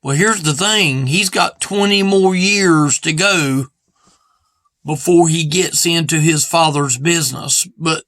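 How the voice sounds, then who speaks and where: A man's voice: fairly high pitch, takes it slowly, fairly bright tone, dry recording. A man preaching an earnest sermon in plain everyday speech, repeating his points and stressing them with "see".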